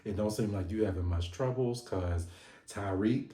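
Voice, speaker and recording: A man hosting a casual reality TV recap vlog, animated and sassy, laughing and swearing often. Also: on the low side, moderate pace. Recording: echoey room.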